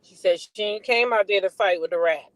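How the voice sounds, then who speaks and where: A woman's voice: medium pitch, a little fast, dry recording, low-quality recording. A woman hosting a gossip channel, chatting casually, laughing and repeating punchlines.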